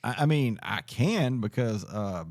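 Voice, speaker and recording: A man's voice: mid-range voice, expressive, unhurried, darkish tone, no room sound, clean studio sound. A man hosting a casual podcast chat, laid-back and laughing often, swearing freely into a podcast mic. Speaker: podcast host. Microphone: podcast mic on a mixer.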